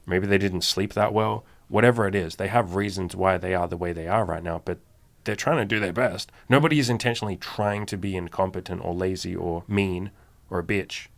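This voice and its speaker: A man with a lowish, gravelly voice co-hosts a relaxed podcast conversation. He speaks candidly and with emphasis, dropping casual swears as he goes. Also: brisk, few pauses. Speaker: podcast co-host. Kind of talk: casual chat.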